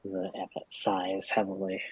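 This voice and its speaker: A man narrating a tabletop game as game master, slow and hesitant, with many fillers. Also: deep voice, big pitch swings, vocal fry, slightly rough, no echo, poor audio.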